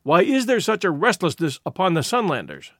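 A man's voice: sits high, big pitch swings, a little fast, no echo, clean studio sound. A man doing a petulant, aggrieved village father.

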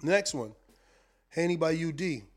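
Chatty boxing stream host, higher voice. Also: male voice, animated, unhurried, soft background music. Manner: rambling, repeats words, reads chat comments aloud. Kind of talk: casual live-stream commentary.

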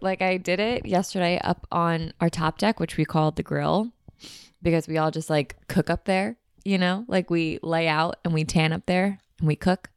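A woman's voice: fairly low pitch, steady tone, normal speed, smooth, no echo, clean studio sound. A young woman hosting her own podcast, chatting casually in a bubbly, rambling way from a beach house. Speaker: podcast host. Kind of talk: casual chat.

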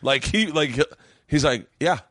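A man's voice: mid-range voice, lively intonation, fairly quick, no echo, clean studio sound. A male comedian hosting a podcast, telling chatty anecdotes and acting out the dialogue. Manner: chatty storyteller, acts out dialogue in his anecdotes. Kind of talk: casual podcast chat. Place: small home studio room.

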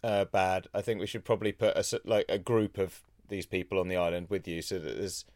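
A man's voice: deep voice, steady tone, fairly quick, a little mellow, no echo, clean studio sound. A man hosting a podcast, chatting easily and agreeing often with his guest. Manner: easygoing and agreeable, many "yeah"s. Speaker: podcast host. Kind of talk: casual podcast chat.

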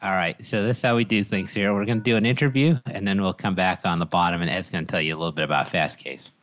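A man's voice: deep voice, fast, a bit bright, poor audio. A man hosting a podcast, opening with a scripted, joke-filled intro and then interviewing a guest in a wry manner. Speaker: podcast host.

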